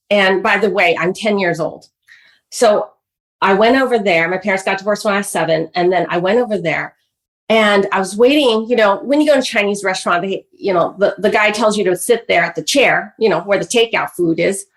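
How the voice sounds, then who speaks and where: A woman's voice: mid-range voice, brisk, rough recording. Earnest middle-aged woman telling her story. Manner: earnest, emotional, addresses host by name often; acts out quoted voices of parents. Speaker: guest author. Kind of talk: personal storytelling in a podcast interview.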